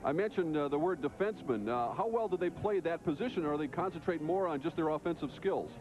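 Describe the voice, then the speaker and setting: A man hosting a televised high school hockey preview, brisk and upbeat with scripted lines, on dull 1980s TV audio. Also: animated. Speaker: studio host.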